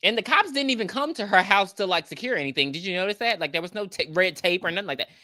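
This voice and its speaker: A woman's voice: medium pitch, lively intonation, fast talker, bright, forceful tone, no echo, clean studio sound. A woman co-hosting a podcast, recapping a movie in casual, profane chat and acting out the characters' lines. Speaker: podcast co-host.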